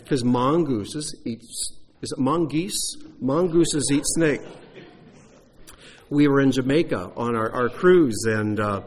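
A man's voice: medium pitch, takes it slowly, a little hiss or hum. A man teaching a sermon in a conversational way, asking the listeners rhetorical questions. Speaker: Bible teacher.

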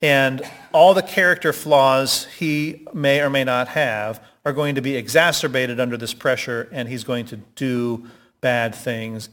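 A man leading a Bible study discussion, reading scripture and explaining it in an animated, halting way with many restarts. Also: mid-range voice. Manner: animated, halting, self-correcting.

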